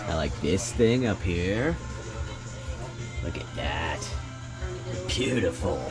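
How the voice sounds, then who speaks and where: A man's voice: low voice, lively intonation, slow. A man vlogging as he wanders through an indoor flea market, chatting easily and musing about what he sees. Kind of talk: casual walkthrough narration. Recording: music playing behind. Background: music playing in the store.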